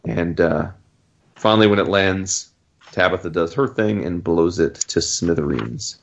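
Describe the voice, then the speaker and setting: A man's voice: sits low, unhurried, highs cut off, a little hiss or hum. A man in casual chat, animatedly recapping a story and swearing freely. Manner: animated, acts out characters' lines in jumping voices, profane.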